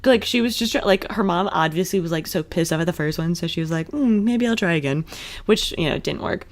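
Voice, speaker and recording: A woman's voice: fairly low pitch, fast. A young woman co-hosting a podcast, chatting casually and giggling as she recaps an episode. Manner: giggly, mocks characters in put-on voices. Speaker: podcast co-host.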